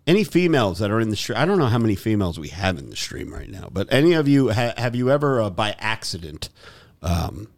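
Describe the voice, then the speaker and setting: A man hosting a podcast in casual banter, crude and teasing. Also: mid-range voice. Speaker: podcast host.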